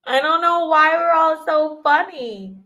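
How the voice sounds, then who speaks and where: An older woman signs off a casual livestream with a slightly high voice. She is playful and giggly, laughing often as she chats with her viewers as their spiritual teacher. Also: measured pace, sharp tone, dull audio.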